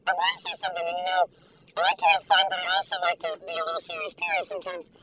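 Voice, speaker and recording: A woman taste-testing food in a casual vlog, talking in an excitable, giggly, gushing way. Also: very high voice, rapid-fire. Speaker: food reviewer. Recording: distant mic with faint background noise.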